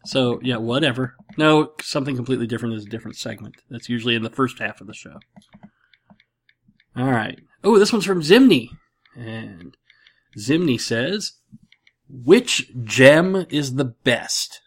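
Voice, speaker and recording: A man's voice: medium pitch, expressive, moderate pace, husky. A middle-aged man from upstate New York chats on a podcast in a loose, jokey way. He rambles through his stories with plenty of restarts and asides. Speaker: podcast host. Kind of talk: casual podcast chat.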